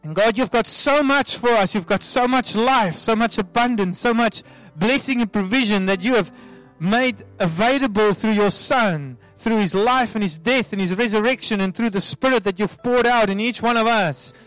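A man as a pastor leading an altar call prayer, soft and pleading, repeating himself with many restarts. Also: high-pitched, normal speed, hardly any pauses. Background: soft music.

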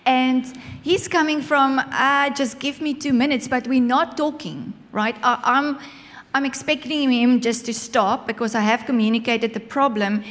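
A woman with a high voice shares a funny story about her marriage, expressive and quick to laugh. She speaks to a listening audience. Her voice rings with the long reverb of a large hall. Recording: echoey hall.

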